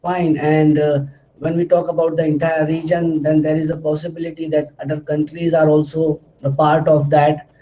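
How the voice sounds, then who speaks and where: A man with a fairly high yet mellow voice explains in a steady lecturing tone and often pauses on "uh" while repeating phrases. The recording is dull and lo-fi, like a plain classroom capture.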